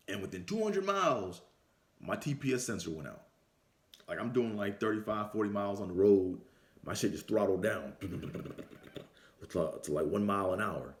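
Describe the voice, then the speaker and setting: A man with a low, relaxed voice tells a story straight to the camera in loose, slangy talk, with the odd curse word. His voice carries a noticeable room echo. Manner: laid-back, slangy, swears freely. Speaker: vlogger. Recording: roomy echo.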